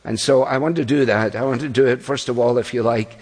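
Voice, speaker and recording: A man preaching a sermon, opening with prayer and then explaining the passage in an earnest, measured way. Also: mid-range voice, steady tone, a little mellow, breathy edge. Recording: long hall reverb.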